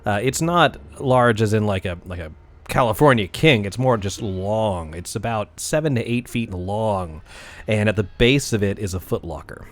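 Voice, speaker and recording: A man narrating as game master of a tabletop game, lively and full of fillers and chuckles. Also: lowish voice, normal speed.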